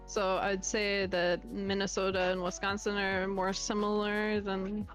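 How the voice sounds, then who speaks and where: A woman speaks in a relaxed, thoughtful way as a guest in a casual chat, with a voice at a middling pitch. Soft music sits faintly behind her. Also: a little slow.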